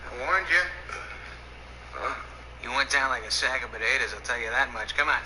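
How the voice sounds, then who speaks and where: A courteous rich gentleman talks in an even, mid-pitched voice, played by a man. He sounds mild-mannered, and his scolding stays gentle. The film clip is noisy, with audible hiss running underneath. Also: moderate pace, close to an everyday voice. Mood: taunting. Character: polite, easygoing rich gentleman, adult man. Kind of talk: comedy film acting.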